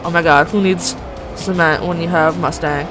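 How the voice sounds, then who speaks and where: A woman giving excited, gushing commentary while playing a racing game, swearing freely and often gasping and laughing. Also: lowish voice, moderate pace, over music. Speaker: gaming channel host.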